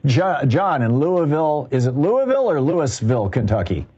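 A man hosting a call-in radio show, measured and agreeable, thinking aloud with hedges. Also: mid-range voice, expressive, highs cut off, heavy background noise.

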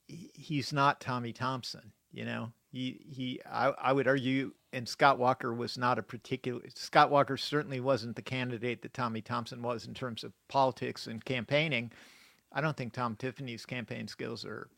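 A man's voice: mid-range voice, steady tone, moderate pace, creaky, a bit bright, dry recording, studio quality. A man speaking as a political commentator on a radio panel, thoughtful and hedging with fillers.

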